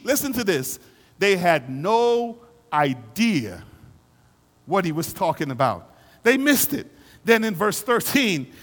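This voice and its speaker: A male pastor preaching a sermon in a church, his delivery rising into fervent shouting. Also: high-pitched, in a large hall.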